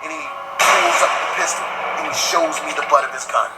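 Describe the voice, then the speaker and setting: A man's voice: on the high side, a little fast, heavy background noise. A young man telling a comic story in casual slang, acting out the voices of the people in it. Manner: lively, slangy, acts out every voice.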